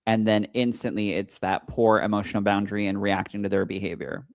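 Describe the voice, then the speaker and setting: Animated man chatting on a podcast, dry sound. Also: on the low side, brisk, no room sound. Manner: animated storyteller, acting out quoted lines. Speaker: psychic medium and podcast co-host. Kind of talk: casual chat.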